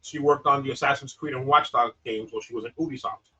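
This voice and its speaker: A man co-hosting a casual gaming podcast, wry and joking, his volume swinging between loud and soft. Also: mid-range voice, steady tone, quick pace, husky. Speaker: podcast co-host, gaming specialist. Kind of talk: casual chat. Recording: dull lo-fi sound with faint music.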